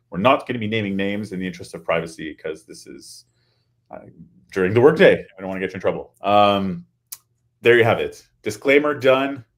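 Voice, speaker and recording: A man hosting a weekly video-call talk show, chatty and full of joking asides. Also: low voice. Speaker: host. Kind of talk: casual webinar hosting.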